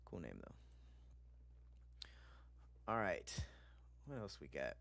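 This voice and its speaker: A man's voice: low-pitched, huge pitch swings, takes it slowly, creaky, fairly bright tone. A man streaming casually, chatting loosely with slang and swearing while he reacts to videos and reads viewer comments.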